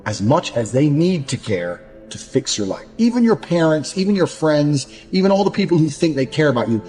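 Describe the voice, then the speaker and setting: A man delivers a blunt, profane motivational lecture. His voice sits fairly high and swings widely in pitch as he drives his points home. Faint music plays underneath. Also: big pitch swings, brisk, a little mellow. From England. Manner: mocks others by acting out their excuses. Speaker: motivational speaker. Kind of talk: motivational speech. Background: faint background music.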